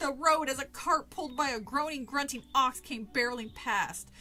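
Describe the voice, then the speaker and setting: Animated woman reading a book on stream. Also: high-pitched, a little fast, hardly any pauses. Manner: chatty, swears, laughs, breaks off to comment. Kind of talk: casual live-stream read-along.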